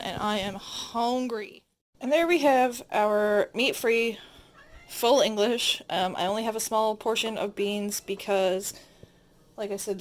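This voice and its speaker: A woman's voice: mid-range voice, a little hiss or hum, poor audio. Casual home-cook woman, rambling and self-mocking, handheld camera in a home kitchen, faint sizzle behind. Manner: chatty, self-deprecating, rambling asides. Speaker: home cooking vlogger. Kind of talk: casual cooking vlog narration.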